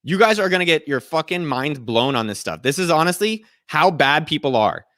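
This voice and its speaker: Blunt, excitable man hosting a live Q&A. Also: fairly high pitch, brisk, no room sound, clean studio sound. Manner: blunt, excitable, swears freely. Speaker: host. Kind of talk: casual live Q&A.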